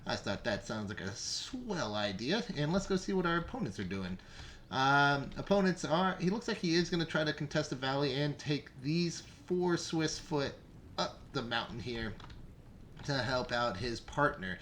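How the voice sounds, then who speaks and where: A man's voice: on the high side, expressive, normal speed, fairly bright tone, slight background noise. A young man giving casual, rambling commentary on a strategy game match, with frequent fillers and self-corrections. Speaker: gameplay commentator.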